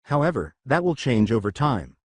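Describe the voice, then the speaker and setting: A man's voice: mid-range voice, big pitch swings, moderate pace, no echo. A man voicing a blunt former soldier turned teacher, curt and matter-of-fact.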